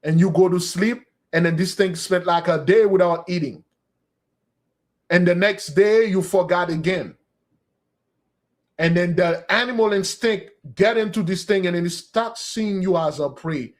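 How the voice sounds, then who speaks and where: Earnest preaching man, slightly high voice. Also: measured pace. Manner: earnest, exhorting, calls listeners beloved. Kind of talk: sermon and spoken prayer.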